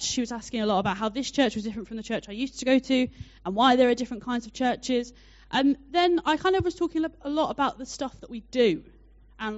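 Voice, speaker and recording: A young woman preaching a sermon, telling a personal story in a chatty, animated way with many fillers. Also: fairly high pitch. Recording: dull lo-fi sound.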